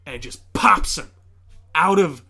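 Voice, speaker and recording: A man's voice: a little high, slow, vocal fry, crowd noise. A young man hosting a podcast, casually retelling a film scene by scene, acting out the characters and swearing often. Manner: animated storyteller, acts out scenes, swears often. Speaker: podcast host. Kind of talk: casual movie recap chat.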